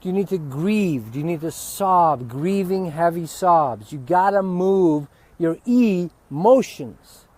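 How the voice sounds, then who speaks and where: A man's voice: a little high, lively intonation, takes it slowly, hardly any pauses. Profane, ranting male spiritual teacher. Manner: profane, heated ranting with sudden loud outbursts. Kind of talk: unscripted spiritual teaching talk. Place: outdoors near dogs.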